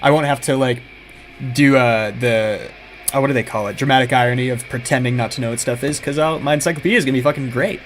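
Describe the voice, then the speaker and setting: A man's voice: medium pitch, fast talker, slight background noise. A young man giving casual, joking let's-play commentary as a game streamer, swearing freely. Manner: chatty, joking, swears a lot.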